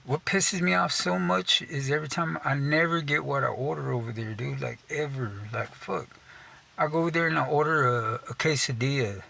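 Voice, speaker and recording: A man's voice: a little high, moderate pace, creaky, pushed and bright. A young man from Texas telling a casual, profane rant, swearing constantly, saying "dude" a lot and laughing at himself mid-sentence. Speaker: storyteller.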